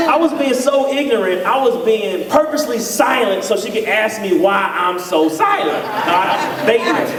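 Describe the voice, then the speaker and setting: A man's voice: high-pitched, far from the mic. A man, a psychologist, giving a humorous talk to couples in a church, acting out the lines of both partners in his stories. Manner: storytelling, acts out dialogue in voices. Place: church hall. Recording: echoey church hall, mic from afar, audience. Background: laughing audience.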